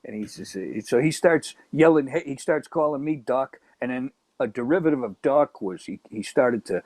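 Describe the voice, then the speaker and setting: Middle aged guy from chicago's south side spinning stories, lively, acts out voices, dry close mic. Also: mid-range voice, moderate pace, dry recording. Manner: animated, acts out quoted voices. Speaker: guest storyteller. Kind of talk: casual storytelling chat.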